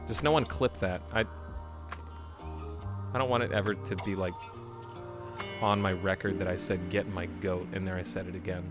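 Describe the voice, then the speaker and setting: A young adult man streaming a game, chatting playfully with his viewers and breaking into sudden loud shouts. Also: lowish voice. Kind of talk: casual live-stream chat.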